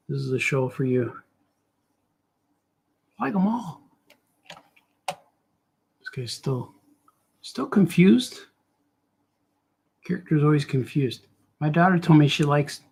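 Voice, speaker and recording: A husky, medium-pitched male voice belongs to a middle-aged cartoonist drawing on a live stream. He chats casually, mutters to himself, trails off, and talks with his viewers.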